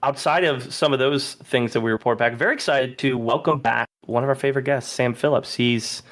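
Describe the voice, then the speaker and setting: A man's voice: medium pitch, a little fast, fairly bright tone. Joking male podcast host. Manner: joking, playfully teasing. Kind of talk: casual chat.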